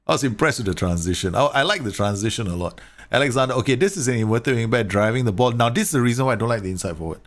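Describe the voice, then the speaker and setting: A man's voice: medium pitch, animated, racing. A man giving casual, chatty commentary on football management game tactics, talking straight to his viewers and laughing at his own slips. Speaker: gaming YouTuber reviewing tactics.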